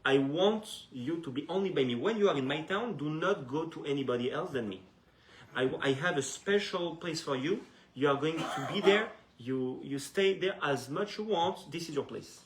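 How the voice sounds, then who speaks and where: A man's voice: on the high side, expressive, moderate pace, roomy sound, slight background noise, rough recording. A man voicing an eager devoted innkeeper. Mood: pleading.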